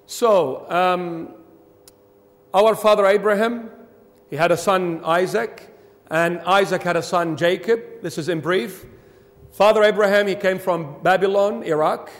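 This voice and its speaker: A man whose first language is Aramaic preaching a sermon, explaining slowly and repeating key phrases for emphasis. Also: sits high, big-room sound. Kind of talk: sermon teaching.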